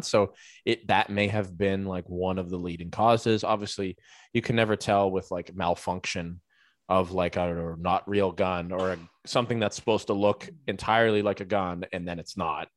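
Low-ish guy on a podcast, rambles with lots of ums, dry close sound. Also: steady tone, moderate pace, dry recording. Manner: rambling storyteller with many fillers, laughs while telling. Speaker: podcast co-host. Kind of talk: casual chat.

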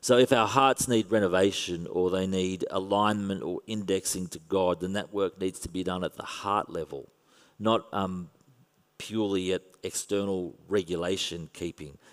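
An Australian man preaches in an easy, conversational tone with touches of wry humour. His voice sits low. The sound carries a long hall reverb. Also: steady tone, normal speed. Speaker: pastor. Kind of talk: sermon.

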